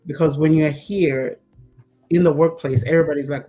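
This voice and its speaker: Low-voiced woman co-hosting a talk show. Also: moderate pace. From Zambia. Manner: laughing often, relaxed storytelling. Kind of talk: casual chat.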